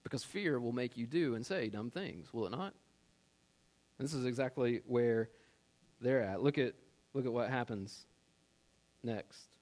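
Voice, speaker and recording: A male pastor preaching a sermon, reading scripture and acting out the grumbling crowd in a casual, animated way. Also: medium pitch, unhurried, pauses often.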